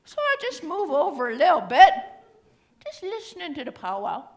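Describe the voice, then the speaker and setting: A woman's voice: sits high, wildly swooping pitch, normal speed, exaggerated voice. A woman playing a cheeky old Cree auntie. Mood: reminiscing. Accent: Cree-inflected English. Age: older. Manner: teasing, chatty, drops grammar endings. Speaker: stage storyteller. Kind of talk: live comedic character monologue.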